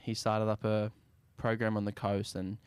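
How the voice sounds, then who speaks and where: A young Australian man, a musician guest, talking casually in an interview in a laid-back, soft-spoken way that often trails off. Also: on the low side, monotone, moderate pace, smooth, no room sound.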